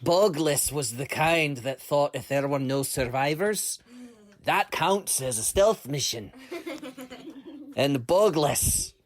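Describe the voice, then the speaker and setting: Guy telling a kids story slowly, playful and giggly. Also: a little high. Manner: playful, often laughing. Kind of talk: children's bedtime story.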